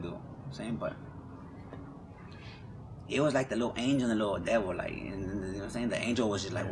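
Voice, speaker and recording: Young guy, lowish voice, street slang, keeps repeating himself, noisy background. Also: fast. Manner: street slang, repeats words, acts out quotes. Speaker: interviewee. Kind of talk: candid interview.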